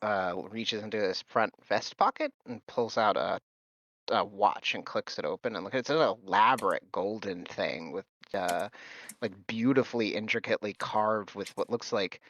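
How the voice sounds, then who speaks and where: A man's voice: fairly low pitch, normal speed, fairly bright tone. Hesitant man narrating a tabletop game. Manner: hesitant, filler-heavy narration. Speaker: game master.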